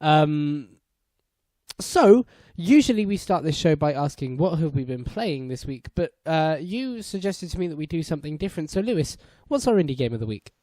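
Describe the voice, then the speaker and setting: A man's voice: a little high, big pitch swings, moderate pace, mellow, dry recording. A man hosting a casual gaming podcast, joking and swearing freely with a friend. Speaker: podcast host. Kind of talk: casual chat.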